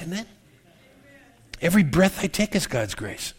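Male pastor, 50s, preaching in church, self-mocking, loud to hushed, slightly high voice. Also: sing-song, moderate pace, breathy edge. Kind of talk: sermon.

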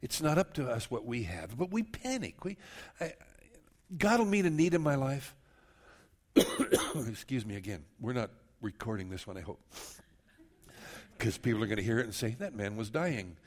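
A man's voice: mid-range voice, normal speed, pauses often. A man preaching a sermon while he has a cold and coughs now and then, acting out the voices of the people he quotes. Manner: animated, acts out quoted voices. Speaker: pastor.

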